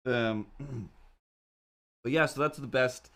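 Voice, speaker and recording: A man's voice: mid-range voice, slow, fairly bright tone. Rambling wry man telling a story. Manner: rambling, wry storytelling with self-mocking asides. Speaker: streamer. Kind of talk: casual chat while drawing on a livestream.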